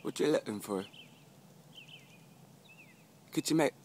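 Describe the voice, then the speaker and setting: A man outdoors near a house, filming on a handheld camera and doing a put-on Australian accent as a mock wildlife host. He talks in a hushed, nervous, profane way. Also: mid-range voice, lively intonation, takes it slowly, a little hiss or hum. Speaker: vlogger.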